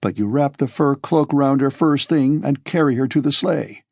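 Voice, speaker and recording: A male narrator plays a brash, scheming officer who barks commands with a husky voice. The recording is dry and close. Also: medium pitch, no room sound. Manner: brisk, commanding, shouts orders. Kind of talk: audiobook character voice.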